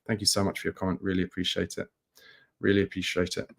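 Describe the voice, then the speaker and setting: A man hosting a football livestream, speaking in a somber, halting way with many restarts as he reads and answers viewer comments. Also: deep voice, monotone, gravelly. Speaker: football channel host. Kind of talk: live-stream chat reading viewer comments.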